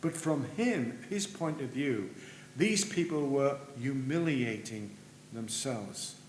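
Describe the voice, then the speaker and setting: A man preaching a sermon in a church, earnest, rising for emphasis and dropping low at the ends of phrases. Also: lively intonation, takes it slowly. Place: church sanctuary. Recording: roomy church with faint hum.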